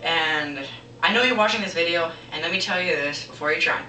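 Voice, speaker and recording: This comedy vlogger, a teenage boy, speaks fairly quickly in a voice on the high side, rambling and joking through a stand-up monologue punctuated by loud impressions. A distant camera mic captures roomy echo and slight background noise.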